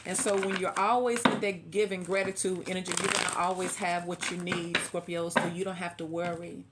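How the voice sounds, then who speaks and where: A woman's voice: fairly low pitch, flat delivery, a little fast, heavy background noise. Chatty woman reading tarot cards. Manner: chatty, laughs often, preachy encouragement. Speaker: tarot reader.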